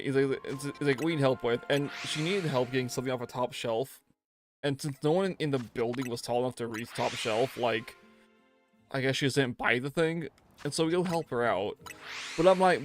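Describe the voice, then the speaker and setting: Young man, game streamer, loose slangy rambling, soft music underneath. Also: medium pitch, fairly quick. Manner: rambling, animated storytelling with slang. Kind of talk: casual livestream chat.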